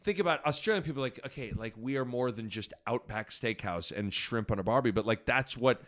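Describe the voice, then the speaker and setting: A man's voice: medium pitch, fairly bright tone. Rambling male podcast host. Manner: rambling, self-interrupting, quick to apologize and restart. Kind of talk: casual sports chat over wine.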